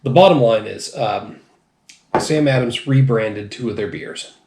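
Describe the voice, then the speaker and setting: Gravelly tipsy man rambling about beer. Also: mid-range voice, a little slow, darkish tone, slight background noise. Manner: rambling, swearing, loose and laughing. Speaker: beer reviewer host. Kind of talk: casual beer review chat. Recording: echoey room.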